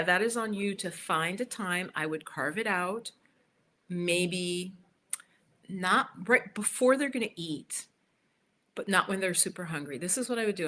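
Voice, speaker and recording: A woman's voice: lowish voice, a bit bright, slight background noise. A woman in her fifties, a yoga teacher, answering viewers in a chatty, encouraging live Q&A, repeating her points, recorded on a computer mic at home.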